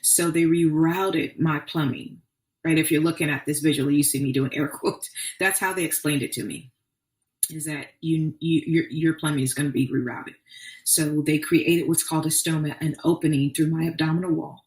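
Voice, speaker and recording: A woman's voice: sits low, steady tone, moderate pace, darkish tone. Earnest woman sharing testimony, echoey room. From Arkansas. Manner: earnest, faith-filled storytelling with many restarts. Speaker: podcast host. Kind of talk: personal testimony podcast. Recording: echoey room, distant mic.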